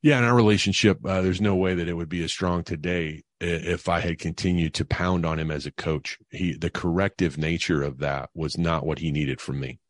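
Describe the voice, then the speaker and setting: A man's voice: a bass voice, no room sound, clean studio sound. A middle-aged man and financial advisor, talking casually as a podcast guest and telling stories with lots of fillers. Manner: rambling, filler-heavy, enthusiastic storyteller. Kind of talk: casual interview talk.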